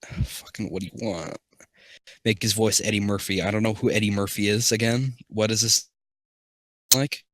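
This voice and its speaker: A man's voice: fairly low pitch, fairly even intonation, normal speed, a bit bright. A man doing a casual comedic reading, mumbling asides and joking with a co-host. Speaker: comedy reader.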